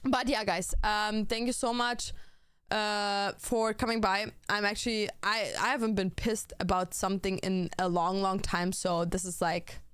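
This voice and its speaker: Smooth-voiced young woman streamer venting. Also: medium pitch, flat delivery, unhurried, fairly bright tone, no room sound. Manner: blunt and heated, swears often, talks straight to chat. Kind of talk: casual stream chat.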